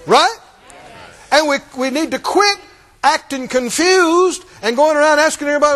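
Very high-voiced man preaching in a hall. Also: expressive, normal speed, fairly bright tone. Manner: emphatic, rousing, calls out to the congregation. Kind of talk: sermon.

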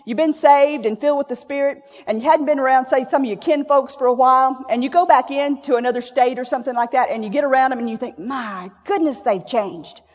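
A woman's voice: high voice, fairly even intonation, fast, hardly any pauses, a little mellow. A woman giving a sermon in a church, telling stories in a folksy, chatty way and laughing often. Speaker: church speaker. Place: church sanctuary. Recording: echoey church hall, dull lo-fi sound.

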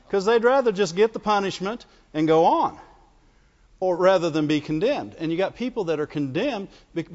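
A man preaching a folksy sermon in church, calling out to the congregation for amens as he goes. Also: a little high. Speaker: pastor. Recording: dull lo-fi recording with long reverb.

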